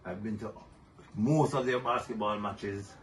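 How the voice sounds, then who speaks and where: Older man telling family stories, low voice. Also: a little slow. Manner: warm storytelling, laughs often. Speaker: guest. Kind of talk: casual interview talk. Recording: distant mic with faint noise.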